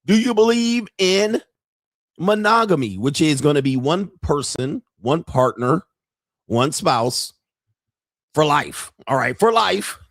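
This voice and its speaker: A man's voice: fairly high pitch, lively intonation, slow pace, no room sound. Brash crude middle-aged man livestreaming. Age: 50s. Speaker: livestream host. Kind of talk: casual livestream commentary.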